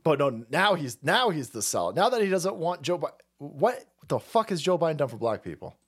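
A man rants on his livestream in a high, restless voice that leaps up and down as he gets worked up. He is crude and mocking and swears constantly. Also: big pitch swings, brisk, slightly rough. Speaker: livestream host. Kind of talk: profane political rant on a livestream.

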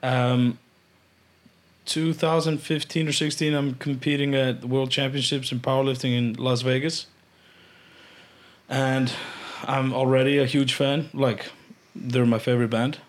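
An Icelandic man, a podcast guest, telling casual stories with lots of swearing and loud acted-out quotes. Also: medium pitch, measured pace. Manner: animated, swearing, acts out quotes loudly. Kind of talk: casual storytelling chat.

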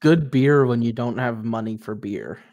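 A man's voice: medium pitch, moderate pace, darkish tone, highs cut off. Easygoing man with brief remarks. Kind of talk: casual chat among friends.

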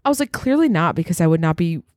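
Woman, casual podcast chat, animated storyteller, swears freely, dry close sound. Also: sits low, very fast, no echo. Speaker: podcast co-host.

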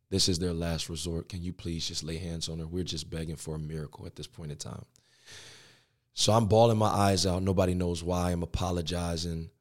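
A young man, a pastor, telling a personal story in a podcast interview, slangy and animated. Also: low-pitched.

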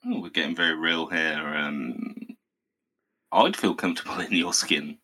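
A deep-voiced man hosts a casual podcast and keeps the banter rolling with quick teasing jokes. His tone is bright and forward. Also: slightly rough, no echo.

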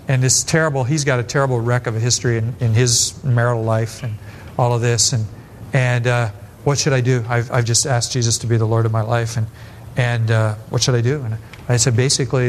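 A man in his seventies, a pastor giving a blunt sermon full of personal stories, quick asides and rising emphasis. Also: medium pitch, a little hiss or hum.

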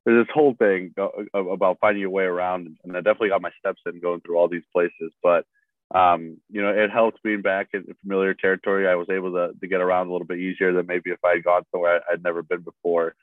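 A man's voice: sits low, little pitch movement, fast, no room sound. A young adult man, a sports reporter, telling rambling stories full of fillers in a casual podcast chat. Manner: rambling, filler-heavy storytelling. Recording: tinny dry phone line.

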